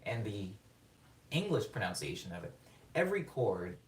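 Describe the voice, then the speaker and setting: A man on a live production stream, excitedly explaining rhythm while rambling and interrupting himself, sometimes singing words on the beat. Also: lowish voice, moderate pace. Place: home studio during a live production stream. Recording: roomy room sound, mic at a distance, faint music.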